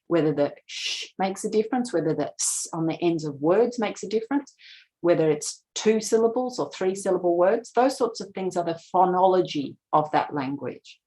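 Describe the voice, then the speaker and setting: Middle-aged female presenter, lower register, steady explanatory conference-talk delivery. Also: low-quality recording. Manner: explanatory, slips into quoted voices of parents. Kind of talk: lecture presentation.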